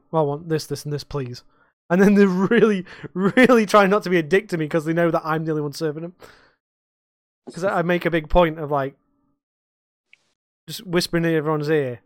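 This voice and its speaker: A young man rants through a casual podcast chat, swearing freely. His voice sits fairly high, and the sound is close and dry. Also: no room sound. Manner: sweary, ranting. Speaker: podcast co-host.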